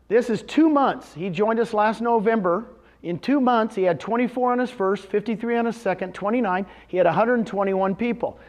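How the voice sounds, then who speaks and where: A man giving a live seminar talk to real estate agents, telling success stories and firing questions at the audience. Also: high-pitched. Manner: animated, storytelling with quick questions to the audience. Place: meeting room with a live audience.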